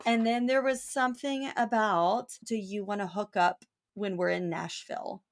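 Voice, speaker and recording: A woman's voice: fairly even intonation, moderate pace. A woman co-hosting a podcast, chatting casually and wryly, acting out quotes as she recaps. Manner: wry, acts out quotes with lifted pitch. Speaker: podcast co-host.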